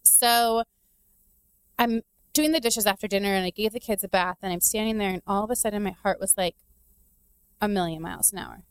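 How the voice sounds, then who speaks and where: A woman's voice: mid-range voice, fairly quick, smooth, dry recording. Candid woman telling her birth story. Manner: candid, animated storytelling with acted quotes. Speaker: guest sharing her story. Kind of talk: casual podcast chat.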